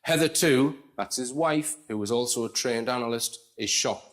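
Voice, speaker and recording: A man's voice: medium pitch, moderate pace, a bit bright. A man narrating a commentary video in a conversational way, reading out passages and adding asides to the viewer. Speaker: video presenter. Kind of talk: commentary voice-over.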